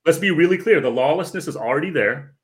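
A man's voice: fairly high pitch, animated, quick pace, over a noisy crowd. A man speaking as a guest in a casual podcast conversation, earnest and lecturing, often repeating words and tagging on "right?".

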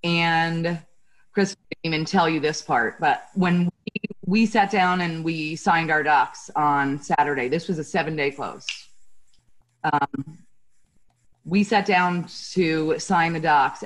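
A woman's voice: low-pitched, steady tone, measured pace, rough recording. A woman real estate agent telling a heartfelt story in a chatty way, full of fillers. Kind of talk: casual storytelling.

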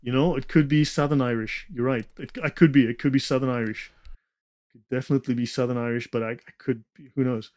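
A man's voice: mid-range voice, steady tone, fast, a little mellow, no echo, studio quality. A man presenting slides in a conversation, talking in a digressive, lecture-like way with sarcastic asides. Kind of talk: lecture-style talk in a conversation.

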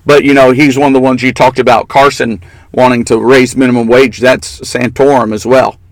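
A man at a middle pitch gives blunt, opinionated political commentary in a casual chat. He mocks the people he talks about and drifts into laughter. The recording is close and dry, with no room sound. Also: flat delivery, moderate pace, dry recording, low-quality recording. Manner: opinionated, mocking, laughs often. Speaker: political talk show co-host.

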